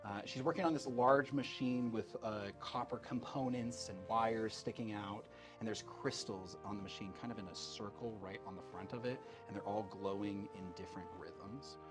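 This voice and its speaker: A man's voice: on the low side, moderate pace, music in the background. A man narrating as game master of a tabletop game in a loose, chatty way with many fillers.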